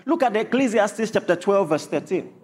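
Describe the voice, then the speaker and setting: Man, preacher, high-pitched, emphatic sermon, repeated rhetorical questions. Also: lively intonation, moderate pace, a little mellow, slightly rough.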